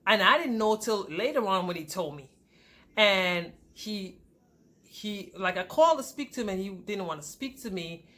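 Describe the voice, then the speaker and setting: Expressive woman telling a personal story. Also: normal speed. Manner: candid and conversational, addresses viewers as "y'all"; pitch and volume swing widely with emotion. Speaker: vlogger.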